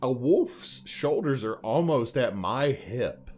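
A young man co-hosts a casual podcast and tells his stories in a rambling, animated way. His voice sits at an everyday middle pitch, and he wanders happily off on tangents. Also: takes it slowly. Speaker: podcast co-host. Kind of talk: casual chat.

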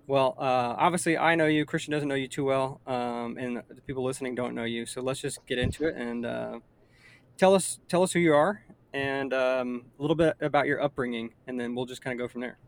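Man, podcast host, laid-back, lots of ums and uhs, mid pitch. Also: fairly quick. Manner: relaxed, filler-heavy, loose phrasing. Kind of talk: casual interview hosting.

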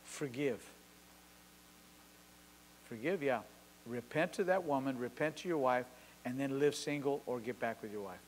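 A man's voice: mid-range voice, brisk, in a large hall, a little hiss or hum, poor audio. A man preaching a sermon as pastor, driving his points home with short, emphatic, repeated declarations.

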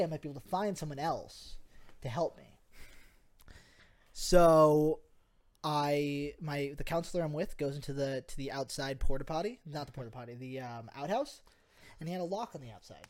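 A man's voice: fairly high pitch, a little fast, a little mellow. A young man on a podcast, casually telling a story, acting out quotes and swearing freely. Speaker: podcast host.

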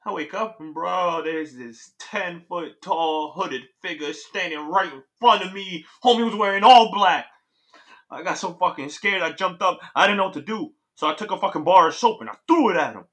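A man voicing a frantic young guy, slang-heavy, high-pitched, bright tone, audio drama. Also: normal speed. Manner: loud, agitated storytelling with slang. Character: panicked young man, excitable and swearing. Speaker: Trey, a young man who saw the Grim Reaper.

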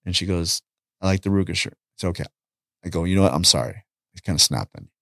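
A man talking casually on a podcast, an animated storyteller who acts out conversations and repeats his points. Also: sits low, quick pace, vocal fry, no room sound, studio quality. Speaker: podcast guest, street preacher. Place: podcast studio.

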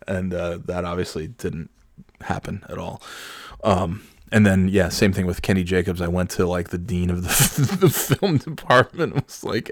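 Lowish male voice, rambling and exasperated, swears freely, dry close sound. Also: normal speed, no room sound. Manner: rambling, profane, self-correcting and exasperated. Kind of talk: casual storytelling monologue.

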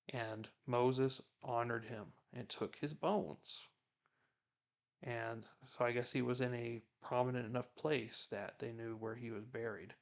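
A man with a gravelly, creaky voice talks through a Bible reading in a relaxed, chatty way. He retells the scripture in everyday words, and his pitch sits in a middle range. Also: measured pace. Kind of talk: casual Bible commentary.

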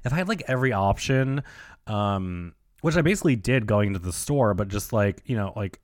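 Chatty man with a lowish voice. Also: expressive, a little fast, no echo, studio quality. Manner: chatty, heavy on "like", campy slang. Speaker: podcast host. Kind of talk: casual solo storytelling.

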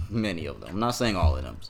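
A man hosting casual reaction commentary, animated and incredulous, often laughing. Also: deep voice, moderate pace, gravelly. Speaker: commentary host.

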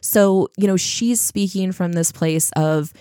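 Mellow-voiced woman chatting about books. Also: fairly low pitch, unhurried, dry recording, studio quality. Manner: chatty, with frequent fillers and laughs. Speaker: podcast co-host. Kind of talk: casual book-club chat.

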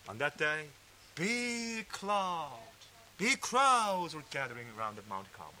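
A man preaching a sermon, fervent and emphatic, sometimes dropping to a low hush. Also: big pitch swings, measured pace, a little hiss or hum. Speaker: pastor. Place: fellowship meeting hall.

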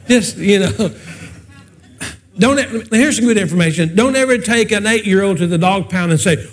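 A man's voice: high voice, moderate pace. A man preaching a sermon, telling humorous personal stories in a folksy, chatty way and asking the congregation questions. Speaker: pastor.

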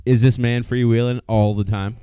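A man's voice: medium pitch, level tone, moderate pace, dark tone, clean tone, dry recording, clean studio sound. A man co-hosting a podcast, chatting casually and bluntly with lots of swearing. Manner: blunt and profane. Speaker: podcast co-host. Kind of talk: casual chat.

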